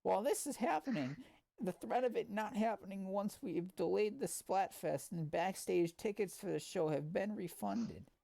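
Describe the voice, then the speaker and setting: A man voicing an excitable male news reporter in a higher, strained, stumbling read. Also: moderate pace, gravelly, no room sound. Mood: breathless.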